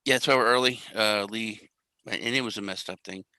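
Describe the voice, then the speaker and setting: A young American man hosts a casual crypto live stream. His voice sits fairly low but comes across bright and forward. The sound is close and dry, and his talk rambles from joke to joke. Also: steady tone, brisk, no echo, low-quality recording. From US Central Time Zone. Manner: rambling, jokey, self-deprecating. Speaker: crypto show host.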